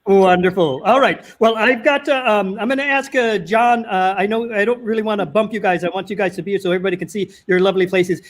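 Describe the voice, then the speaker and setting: A man's voice: sits high, quick pace, hardly any pauses, slight background noise. A man hosting a casual livestream chat with guests, chatty and keeping things moving. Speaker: host.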